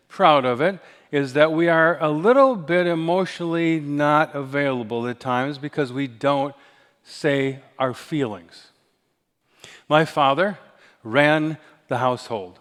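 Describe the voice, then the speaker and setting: A pastor in his sixties preaches a sermon in a large church sanctuary, telling stories with acted-out whispers and dry humor. His voice is a little high and a bit bright, and the recording echoes through the church hall.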